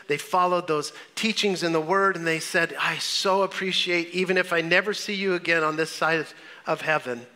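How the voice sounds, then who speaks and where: A man preaching a sermon as pastor, earnest and urging, his voice swinging from loud highs to soft lows. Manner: earnest, rising and falling in pitch and volume, preaching with pauses.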